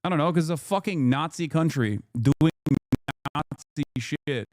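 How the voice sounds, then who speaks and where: A fired-up male streamer rants into a desk mic, pressing his points again and again with plenty of swearing. His voice sits a little higher than most men's. The sound is close and dry, with no room around it. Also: expressive, fairly quick, a little mellow, dry recording, faint music behind. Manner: heated, profane, emphatic and repetitive. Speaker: streamer host. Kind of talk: political commentary stream.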